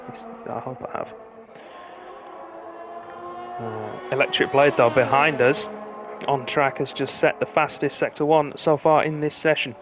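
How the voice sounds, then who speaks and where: A man leads the commentary on a live online race, calling laps and times in quick play-by-play. His voice sits at an ordinary middle pitch, and he lifts into excited calls as the lap times close up. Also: music in the background. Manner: brisk play-by-play, rising excitement at close finishes. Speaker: lead commentator. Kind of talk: live sim-racing commentary.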